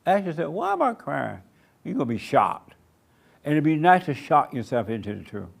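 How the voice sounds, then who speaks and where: Speaking in a gravelly voice on the high side, a pastor delivers a very animated sermon to a small group in a church meeting room. He hammers short commands through repetition and draws words out slowly to stress them.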